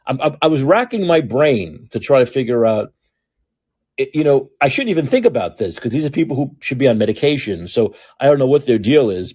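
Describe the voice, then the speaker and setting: A man's voice: fairly high pitch, dark tone, husky, no echo, clean studio sound. Blunt, ranting male podcast host. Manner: blunt, profane, ranting with restarts. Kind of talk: opinionated political commentary.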